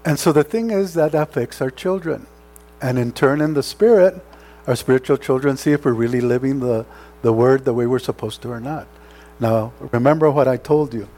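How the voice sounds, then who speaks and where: A man's voice: mid-range voice, moderate pace, mellow. A man preaching a sermon as pastor, earnest and conversational, often checking in with rhetorical questions. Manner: earnest, exhorting.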